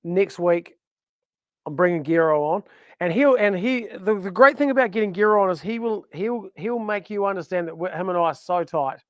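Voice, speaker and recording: A man co-hosts a casual podcast in a high-pitched voice, joking and rambling as he exaggerates for laughs. His voice is recorded dry and close in a small studio. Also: normal speed, no echo. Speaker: podcast co-host. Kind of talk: casual banter. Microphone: studio microphone.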